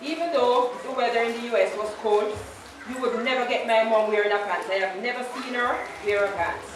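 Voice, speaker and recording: A woman's voice: a little high, fairly quick. A Jamaican woman in her fifties giving a funeral eulogy, telling stories and slipping into patois quotes. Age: 50s. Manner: anecdotal storytelling, slips into patois quotes. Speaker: eulogist, daughter of the deceased. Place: large church. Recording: echoey church, distant and noisy.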